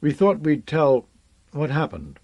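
A hesitant crewman, as a male narrator voices him, breaking off and restarting as he gropes for words. The delivery is slow with lively pitch movement, recorded dry and close. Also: dry recording, full character voice. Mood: unsettled. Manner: halting, searching for words.

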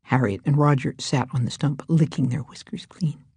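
A woman reading a children's storybook aloud in a hushed, breathy manner. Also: a bass voice, moderate pace, no room sound.

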